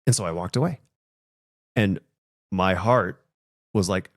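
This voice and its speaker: Male podcast host, low gravelly voice, dry close sound, reflective storyteller. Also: moderate pace, pauses often, no room sound. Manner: reflective storytelling, emotional at times. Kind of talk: casual podcast conversation.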